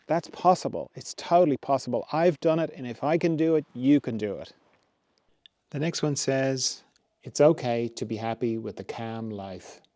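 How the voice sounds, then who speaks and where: A middle-aged man hosting a spiritual podcast, musing gently and restarting his thoughts as he talks. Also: medium pitch, moderate pace, no room sound. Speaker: podcast host, spiritual teacher. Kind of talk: reflective spoken talk.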